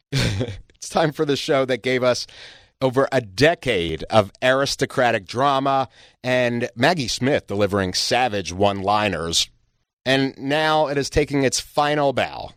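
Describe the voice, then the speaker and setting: A man's voice: medium pitch, expressive, measured pace, a bit bright, no echo, studio quality. A man hosting an entertainment interview show, upbeat and joking between questions. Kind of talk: entertainment interview and host segments.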